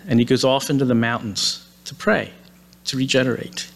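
A male preacher retelling a Bible story in a sermon, in a lively manner with casual asides. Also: medium pitch, moderate pace, gravelly.

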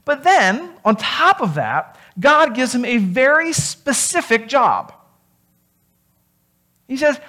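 A pastor preaching a sermon in a conversational, animated storytelling manner. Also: high-pitched, slow, pauses often.

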